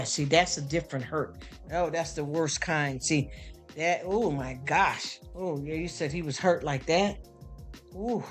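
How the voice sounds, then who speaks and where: Stream host, male, AAVE speech, emotional and sympathetic, higher-pitched voice, faint music underneath. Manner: emotional, sympathetic, repeats himself with many restarts. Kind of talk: casual live stream chat. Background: soft background music.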